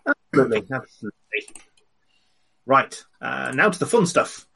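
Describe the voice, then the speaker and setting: A man playing a tabletop game, speaking in a wry, hesitant way with many ums and pauses. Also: medium pitch, very animated, gravelly, sharp tone. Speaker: player. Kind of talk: casual tabletop game chat.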